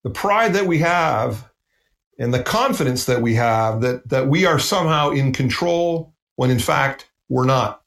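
Man, preacher, earnest, emphatic, repeats phrases, mid-pitched voice, roomy echo. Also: lively intonation, unhurried, creaky, a bit bright. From United States. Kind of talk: sermon.

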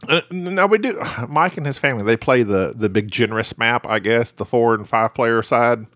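A man's voice: medium pitch, a bit bright, dry recording, clean studio sound. A man with a Southern US accent co-hosting a casual chat, rambling and laughing often. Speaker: podcast co-host.

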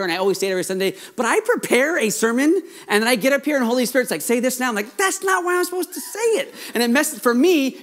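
A male pastor preaching a sermon in an excitable, fast-running way, with many restarts. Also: sits high.

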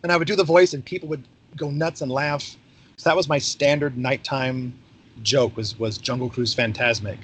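A man's voice: medium pitch, moderate pace, a little hiss or hum. A middle-aged man, a podcast guest, telling stories in a casual interview and acting out the dialogue with energy. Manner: animated, acts out quoted dialogue. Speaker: podcast guest, former theme park ride skipper.

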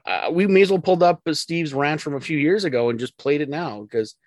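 A man's voice: a little high, a little fast, dry recording. Man, casual sports podcast chat, opinionated, jokey, stumbling restarts, dry room. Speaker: podcast co-host.

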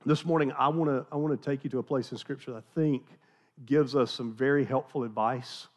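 Speaking briskly at a medium pitch, the Southern pastor, middle-aged, spins a self-deprecating, folksy tale in his sermon. He's chatty and restarts often.

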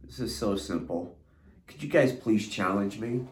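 Lowish and unhurried, the voice sits in a roomy space with slight background noise. Drugged and disoriented, this podcast host tapes his own treatment session, swearing through a disjointed stream of consciousness that swings from mumbling to anguished cries.

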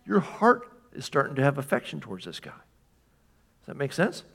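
A man's voice: mid-range voice, wildly swooping pitch, moderate pace, vocal fry, a bit bright. A man preaching a sermon in a conversational way, often putting questions to the congregation. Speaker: pastor.

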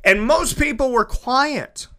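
Bright high-voiced excitable man. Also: takes it slowly. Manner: animated, emphatic, dramatic voice swings. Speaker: broadcaster and entertainment show host. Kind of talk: excited casual monologue.

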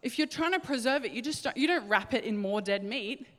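A woman preaching a sermon, telling a Bible story in an animated way and acting out the voices. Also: on the high side, brisk. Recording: hall reverb.

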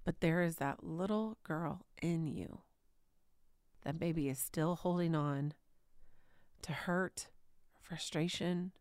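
A woman in her thirties giving a devotional teaching, soft and tender, often dropping to a whisper. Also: deep voice, takes it slowly, pauses often, clear, resonant tone, no room sound, clean studio sound. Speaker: podcast host.

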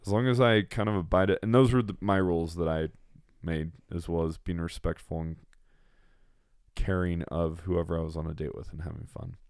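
Married podcast co-host: very low, gravelly man, jokey and rambling, dry close mic. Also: steady tone, fairly quick, a little mellow, dry recording. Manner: joking, rambling, slips into silly voices. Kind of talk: casual podcast chat.

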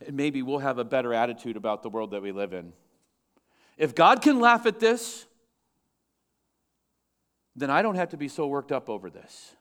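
A male pastor preaching a sermon with lively swings between loud, emphatic lines and hushed, low asides. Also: moderate pace, long pauses, smooth.

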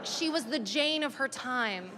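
A woman stand-up comedian telling a story fast and animated, with shouted outbursts, recorded live at a comedy venue. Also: high-pitched. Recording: live venue, long reverb, crowd noise.

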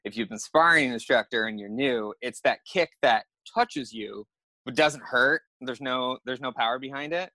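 A man appearing as a podcast guest, telling a personal story in an animated, casual way and acting out the moments he describes. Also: mid-range voice, moderate pace, no echo. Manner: animated, acts out the scenes he describes.

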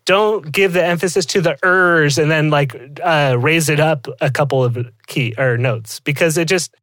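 Podcast co-host, man, fairly high voice, laughs a lot, swears freely, dry and close-miked. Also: moderate pace, fairly bright tone, no echo. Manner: laughs often, swears casually. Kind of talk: casual podcast chat.

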